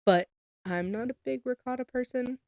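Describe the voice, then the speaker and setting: A woman co-hosting a podcast, chatting casually in a soft, agreeable way. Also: a little high, normal speed, no room sound, studio quality. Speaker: podcast co-host. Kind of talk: casual chat.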